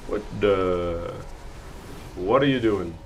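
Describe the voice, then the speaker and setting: A man's voice: low-pitched, slow pace, a little hiss or hum. A young man streaming a video game, joking and chatting casually in slangy speech. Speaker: gaming streamer. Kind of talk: casual gameplay commentary.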